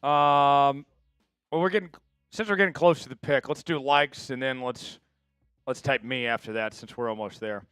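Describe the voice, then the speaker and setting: A man's voice: medium pitch, normal speed, clean tone, no room sound, faint music behind. A man hosting a live draft stream, chatting casually with viewers and hyping each pick. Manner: chatty, excitable, hypes viewers for likes.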